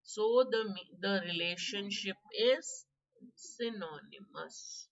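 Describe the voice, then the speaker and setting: A hoarse woman with an Indian English accent teaching a live online vocabulary class, chatty, quizzing students by name and clearing her throat. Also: mid-range voice, lively intonation, slow, lo-fi sound. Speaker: exam prep teacher.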